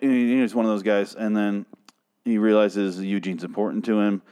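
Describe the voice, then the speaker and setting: Male TV reviewer, slightly low voice, swearing, fed up, rambling recap with restarts. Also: steady tone, normal speed, mellow, clean tone. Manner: profane, exasperated, rambling with restarts. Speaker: TV show reviewer. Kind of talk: casual episode recap and rant.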